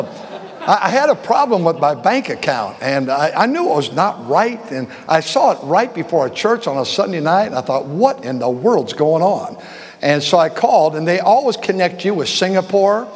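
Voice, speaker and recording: A man's voice: sits high, very animated, normal speed, a little hiss or hum. An older man pastor telling a rambling, chuckling story from the pulpit during an informal sermon, often restarting his sentences. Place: church sanctuary. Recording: long reverb of a large church hall.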